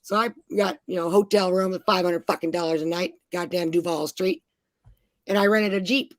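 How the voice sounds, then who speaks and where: A woman's voice: on the low side, fairly even intonation, a little fast, no echo. A middle-aged woman, a mother, telling rambling, profane travel stories in casual chat.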